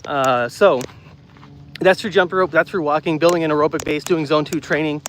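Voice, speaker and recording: A breathless streamer walks outdoors, chatting casually with his live audience, reading their comments and repeating himself. His fairly high voice moves at a normal speed. There's slight background noise, recorded straight into a phone mic with no external mic.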